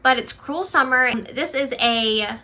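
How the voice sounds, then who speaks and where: A woman's voice: high-pitched, slow pace, pushed and bright. A young adult woman chatting casually about her monthly favorites on her channel, full of "like" and "um", a bit out of breath. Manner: chatty, filler-heavy with lots of "like" and "um". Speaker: book YouTuber.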